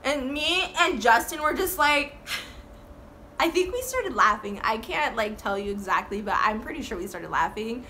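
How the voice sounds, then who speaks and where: A woman's voice: fairly high pitch, animated, unhurried, pushed and bright, a little hiss or hum. A young woman telling a storytime in a casual, rambling, profane way, full of "like". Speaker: vlogger.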